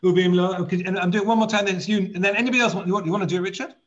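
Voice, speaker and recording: A man's voice: high-pitched, steady tone, racing. A man leading a scripture reading class, chatty and full of repeated words, switching between talk and chanting Hebrew verses over a video call. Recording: dull lo-fi audio.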